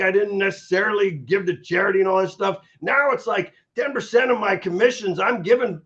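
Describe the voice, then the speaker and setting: Gravelly high-voiced man, muffled audio. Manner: energetic, repeats words when starting sentences. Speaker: guest, stroke survivor. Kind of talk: candid interview talk. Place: in Los Angeles area.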